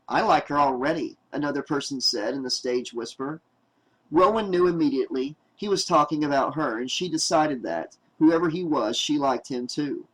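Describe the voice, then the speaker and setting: A man with a slightly higher-than-usual voice reads a novel aloud at an even, measured pace. His delivery is steady, as an audiobook narrator working through long passages of prose. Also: rough recording.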